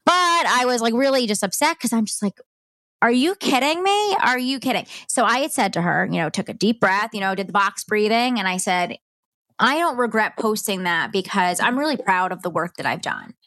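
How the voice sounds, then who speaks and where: Middle-aged woman, candid podcast storyteller, mid pitch, dry close sound. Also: lively intonation, brisk, fairly bright tone, dry recording. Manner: candid, conversational, heartfelt. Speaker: podcast host. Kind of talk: personal storytelling monologue.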